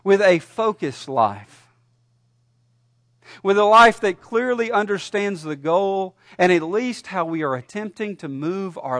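A man preaching a sermon as a pastor, animated, telling a story and shouting punchlines. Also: sits high, dry recording, studio quality. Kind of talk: sermon with a joke told.

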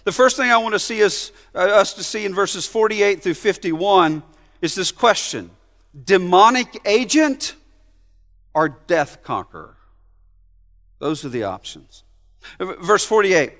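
A man preaching an expository sermon, rising to loud emphatic peaks and dropping to hushed low asides, often repeating words as he restarts a phrase. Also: animated, a little slow, long reverb tail. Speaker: pastor.

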